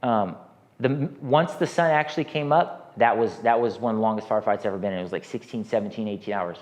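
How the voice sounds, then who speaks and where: A man's voice: on the low side, fast talker. An American man in his thirties telling a rambling, profane war story as an interview guest, with many restarts. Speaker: guest, army veteran.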